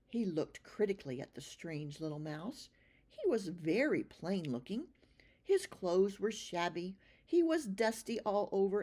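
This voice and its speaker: A woman narrating a children's storybook in a slow, expressive read-aloud manner. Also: medium pitch.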